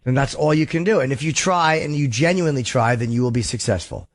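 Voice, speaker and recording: A man's voice: medium pitch, fast talker. A man hosting a call-in podcast, giving blunt, profane advice to callers. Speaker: podcast host taking calls.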